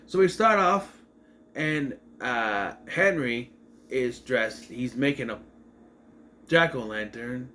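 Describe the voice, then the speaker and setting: A young man recaps a TV episode in a chatty, meandering ramble, often correcting himself along the way. His medium-pitched voice is lively in intonation, slow, pushed and bright, with a little hiss or hum in the background.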